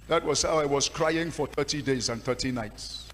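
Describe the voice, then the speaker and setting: A man with a Nigerian accent preaching a testimony sermon, swinging from hushed storytelling to loud, impassioned declaiming. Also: mid-range voice, moderate pace, hardly any pauses, big-room sound. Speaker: pastor.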